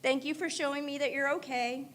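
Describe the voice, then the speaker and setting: A woman's voice: sits high, steady tone, a little fast, fairly bright tone. A woman speaking in church at a memorial service, telling candid stories about her late father, laughing through tears and crying at times. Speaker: daughter giving a eulogy. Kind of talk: memorial eulogy.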